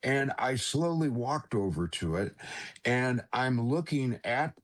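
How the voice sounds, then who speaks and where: A man's voice: medium pitch, lively intonation. Earnest man telling his faith story. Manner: earnest, repeatedly addresses the host by name; halting restarts at emotional moments. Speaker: interview guest. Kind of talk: personal testimony storytelling.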